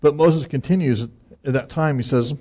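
A man's voice: fairly high pitch, moderate pace, mellow, husky, lo-fi sound. A man preaching an earnest, conversational sermon as pastor, chuckling now and then.

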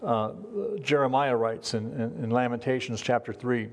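Speaking at a moderate pace with medium pitch and fairly even intonation, this middle-aged pastor delivers a sermon to his congregation. His manner is earnest and conversational, and he frequently starts sentences over.

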